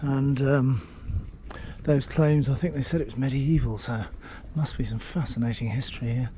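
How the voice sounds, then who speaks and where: With a warm, medium-pitched, steady voice at normal speed, a middle-aged travel vlogger from the UK gives casual commentary while walking outdoors through a village. He's enthusiastic about everything he passes, and there's slight background noise.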